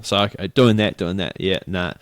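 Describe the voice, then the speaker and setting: Man, New Zealand accent, middle-aged, low pitch, dry sound, rambling storyteller. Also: moderate pace, clear, resonant tone, no echo. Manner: rambling storyteller, acts out quoted people. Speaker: podcast co-host. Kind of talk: casual chat.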